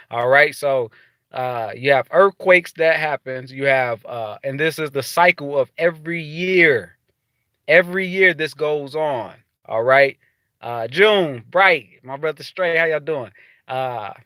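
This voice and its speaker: Casting note: high-voiced man, rambling profane monologue, dry close sound. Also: dry recording. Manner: rambling, profane, animated storytelling with frequent restarts. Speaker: spiritual vlogger. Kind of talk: casual spiritual monologue to viewers.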